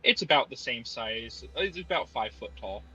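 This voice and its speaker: A man's voice: medium pitch, expressive, normal speed, husky, lo-fi sound, full character voice. A man voicing a smug, unseen male creature that talks from inside a bag and mocks the player. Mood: mocking. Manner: mocking, quietly threatening.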